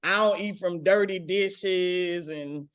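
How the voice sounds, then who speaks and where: A woman from Mississippi, co-hosting a casual chat recapping reality TV, blunt and animated and quick to laugh. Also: on the low side, clear, resonant tone. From Mississippi, USA. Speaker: podcast co-host.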